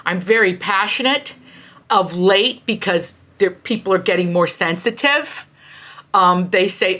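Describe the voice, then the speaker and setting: A woman's voice: mid-range voice, unhurried, sharp tone. A middle-aged woman from the United States, an author being interviewed, telling family stories in a passionate, emphatic way. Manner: passionate, emphatic, jumps into quoted voices. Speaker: author and guest. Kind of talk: animated conversational storytelling.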